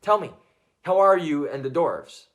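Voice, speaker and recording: A man's voice: a little high, lively intonation, unhurried, a bit bright, slight background noise. A man playing an awkward, hesitant reporter in a comedy news sketch. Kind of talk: mock news interview.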